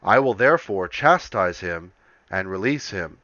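Man voicing troubled male Roman governor, measured and questioning, low bright voice, dry lo-fi take. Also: lively intonation, dry recording, exaggerated voice.

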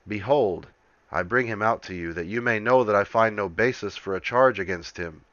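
A man's voice: on the low side, normal speed, fairly bright tone, no echo, muffled recording, natural voice. Man reading as an uneasy Roman governor. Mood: questioning.

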